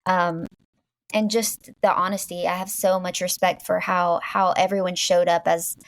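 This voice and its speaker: A woman's voice: fairly low pitch, flat delivery, normal speed. A woman from Virginia with a Southern US accent, a guest talking casually and rambling, with many restarts and a lot of "like". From Virginia, USA. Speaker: guest filmmaker. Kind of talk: casual interview chat.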